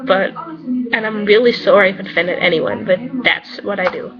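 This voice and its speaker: A woman's voice: medium pitch, moderate pace, dull audio, a crowd in the background. A woman from the Netherlands with a Dutch accent, chatting casually and rambling with lots of fillers as she answers viewer questions. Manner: chatty and rambling, many "you know" fillers. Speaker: vlogger answering questions about her character. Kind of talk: casual chat.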